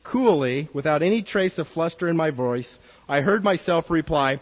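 A man's voice: medium pitch, animated, moderate pace, few pauses, in a large hall, highs cut off. A man preaching a sermon in an earnest way, reading a story aloud to his listeners.

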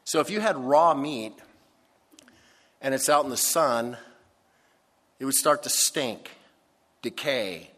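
A male pastor preaching a sermon slowly and emphatically, stretching out key words. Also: medium pitch, fairly bright tone. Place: church sanctuary. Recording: long reverb of a church hall.

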